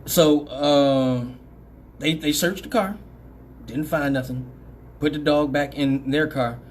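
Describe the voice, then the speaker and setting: A man's voice: a little high, slow, slight background noise. A middle-aged man hosting a radio talk show, telling a comic story with plenty of swearing and laughter. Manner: animated, profane, laughing often.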